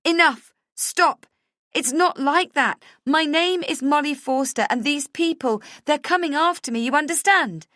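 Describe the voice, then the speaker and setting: A woman voicing a frantic young wife who is sure she is being hunted, urgent and pleading, at times shouting. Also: a little high, animated, a little slow, no echo, studio quality, voice pushed up.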